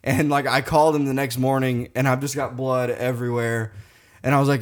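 A man's voice: medium pitch, level tone, brisk. A man telling a rambling, profane story in casual podcast chat, often breaking into laughter.

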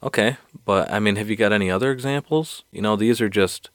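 A man voicing a calm, sly village leader who speaks in a slow, deadpan way in a spoken joke. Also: lowish voice, no room sound, studio quality, voice pushed up, natural voice.

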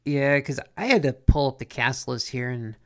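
A podcast co-host casually recapping a cartoon episode in a relaxed, rambling way, leaning on "like" and "basically". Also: medium pitch, moderate pace.

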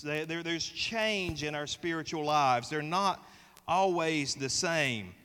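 A man's voice: on the high side, sharp tone, clear, resonant tone. A man with a Southern US accent preaching a sermon, folksy and joking as he polls the congregation. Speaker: pastor. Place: church sanctuary. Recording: long reverb of a church hall.

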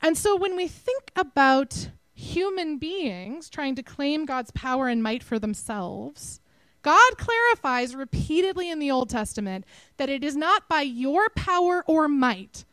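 A woman with a Texan accent giving a conversational, animated sermon to her church. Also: high voice, no echo, poor audio. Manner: conversational, animated, self-deprecating. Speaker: preacher.

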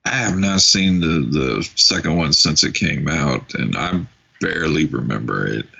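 A man co-hosting a podcast, giving brief, low-key replies in casual chat. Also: lively intonation, unhurried, creaky, sharp tone, breathy edge, lo-fi sound. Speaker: podcast co-host.

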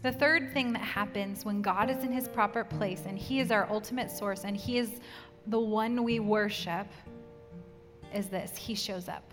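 A woman's voice: mid-range voice, fairly even intonation, moderate pace. Woman preaching in a reverberant hall. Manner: earnest storytelling, acts out quoted voices. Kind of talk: sermon with personal story. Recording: long hall reverb with music behind. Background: soft guitar music.

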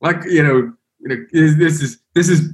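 A man's voice: on the high side, normal speed. Man telling a rambling adventure story. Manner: animated, rambling, heavy on fillers. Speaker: podcast guest. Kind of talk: casual storytelling.

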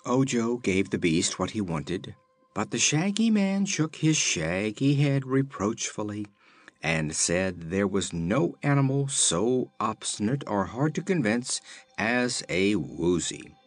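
A man's voice: fairly low pitch, big pitch swings, slow pace, dry recording. A man reading a children's fantasy book aloud as narrator. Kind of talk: audiobook narration.

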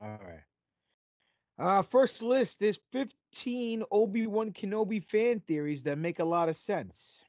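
A man's voice: high-pitched, sing-song, a little slow, darkish tone, no room sound. A man hosting a casual podcast, rambling and telling jokes with plenty of fillers. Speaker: podcast host.

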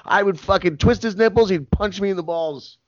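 A man co-hosting a podcast, dropping crude deadpan one-liners in casual banter. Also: sits high, fairly quick. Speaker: podcast co-host. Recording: dull lo-fi podcast audio.

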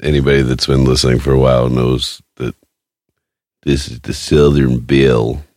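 A man hosting a casual podcast, teasing his guests in a deadpan way. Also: extremely low pitch, normal speed, no room sound, studio quality. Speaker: podcast host.

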